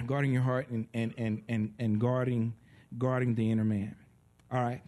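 A man preaching a teaching sermon in an animated way, with sound effects and laughter. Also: mid-range voice, normal speed.

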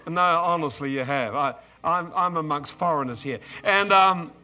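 A man's voice: on the high side, normal speed, pushed and bright. Fervent Australian preacher in his seventies. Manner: exuberant, emotional, bursts of hallelujahs; repeats and restarts words. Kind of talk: sermon.

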